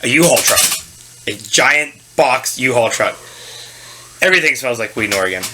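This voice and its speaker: A man hosting a casual chat, telling stories with lots of swearing and loud put-on voices. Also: medium pitch, moderate pace. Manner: storytelling, swearing, loud animated impressions. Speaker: podcast host. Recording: faint background noise.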